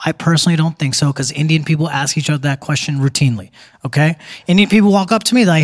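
A man's voice: fairly high pitch, fast talker. A young man doing a live stand-up comedy set on a theater stage, joking casually and talking straight to the crowd.

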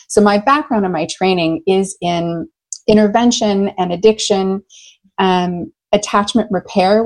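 A middle-aged American woman, a love coach, telling stories in an animated, enthusiastic way during an interview. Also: mid-range voice, low-quality recording. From United States. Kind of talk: conversational interview.

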